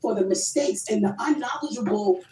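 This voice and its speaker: A woman's voice: medium pitch, moderate pace. Emphatic woman, echoey distant room. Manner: emphatic, assertive, repeats herself for stress. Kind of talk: frank casual debate. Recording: echoey room from afar, loud crowd chatter.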